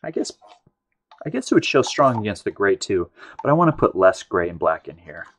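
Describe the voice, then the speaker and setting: Painting live on stream, a chatty American man in his thirties rambles to his viewers, frequently trailing off and starting over. His lowish voice is sing-song and a little fast.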